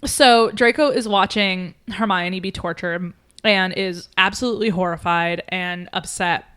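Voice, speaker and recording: A woman podcast host retelling a story in a casual, animated way, with lots of fillers. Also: on the low side, a little slow, smooth.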